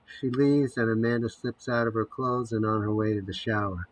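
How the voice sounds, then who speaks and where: A man narrating an audio drama, reading scene headings and stage directions in a measured way. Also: lowish voice, fairly even intonation, no echo, low-quality recording.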